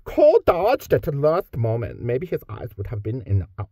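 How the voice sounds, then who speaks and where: A man's voice: mid-range voice, wildly swooping pitch, normal speed, gravelly, warm tone, dry recording, voice pushed up, heavily acted. A man voicing a male storybook narrator who tells a Viking adventure in a put-on Scandinavian accent, with a theatrical, sing-song read-aloud manner. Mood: dramatic.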